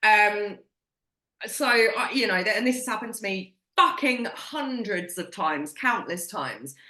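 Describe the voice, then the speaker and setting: Blunt woman, sharp bright voice. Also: mid-range voice, roomy sound. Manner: blunt, swears freely, animated storytelling. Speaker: podcast co-host. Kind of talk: casual chat.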